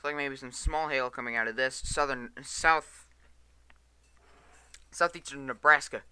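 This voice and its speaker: A man's voice: medium pitch, fairly even intonation, unhurried, bright, forceful tone, smooth, no room sound. A tired man giving live weather radar commentary, reading storm warnings aloud and stumbling over place names. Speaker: storm chaser livestreamer.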